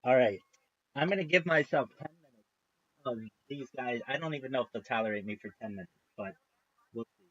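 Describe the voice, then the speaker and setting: A man's voice: medium pitch, brisk, long pauses, husky. Rambling man on a lo-fi stream. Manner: rambling, restarts, swears freely. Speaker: live streamer. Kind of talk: casual live-stream chat.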